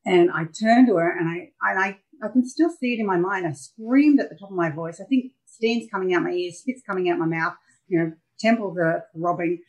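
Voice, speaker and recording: A middle-aged Australian woman telling personal stories as a podcast guest, candid and animated as she acts out scenes. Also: fairly low pitch, a little fast, rough recording. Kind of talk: personal storytelling in a podcast interview.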